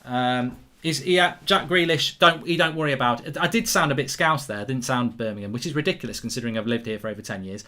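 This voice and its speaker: A man's voice: mid-range voice, quick pace, hardly any pauses, sharp tone. A man hosting a live football watchalong, chatty, jokey and rambling as he reads out viewer comments. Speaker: host.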